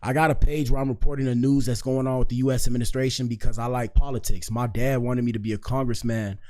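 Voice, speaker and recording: Steady in tone but fast in delivery, this man's medium-pitched, slightly mellow voice fronts a loose livestream commentary. He's slangy and chill, repeatedly calling people "bro" and "dog."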